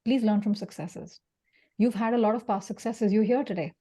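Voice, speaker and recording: A woman giving an animated career-coaching talk to an audience, acting out quoted voices and laughing along the way. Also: medium pitch, moderate pace.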